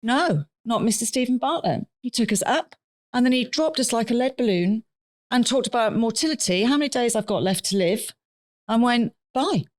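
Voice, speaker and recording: A woman co-hosting a live podcast in a studio, telling stories in a blunt, animated way and swearing freely. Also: fairly high pitch, normal speed. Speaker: podcast co-host. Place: recording studio with a live audience.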